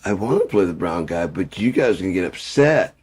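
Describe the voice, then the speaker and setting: A man's voice: deep voice, animated, fairly quick, darkish tone, slightly rough. A man rambling through a casual rant, profane and jokey, drifting from point to point. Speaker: video creator.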